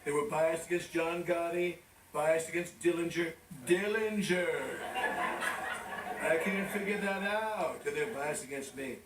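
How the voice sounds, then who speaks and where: A man's voice: on the high side, measured pace, far from the mic, background noise, natural voice. A man playing a boastful, rambling male president who is out of breath, in a sketch comedy impression. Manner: pompous, self-praising, rambling asides. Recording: roomy studio, from off mic, loud audience laughter.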